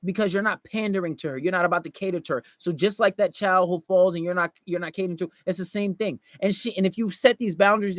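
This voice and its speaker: A man's voice: high-pitched, dry recording, clean studio sound. A man giving dating advice in a casual livestream monologue, blunt and profane, lecturing and acting out quoted voices.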